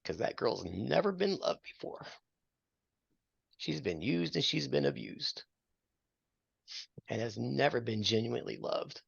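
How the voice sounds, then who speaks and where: A man's voice: mid-range voice, animated, a little slow, vocal fry, long pauses, breathy edge, no room sound, muffled recording. An older man counseling a married couple, earnest and preacherly, quoting scripture with a self-deprecating streak. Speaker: marriage mentor.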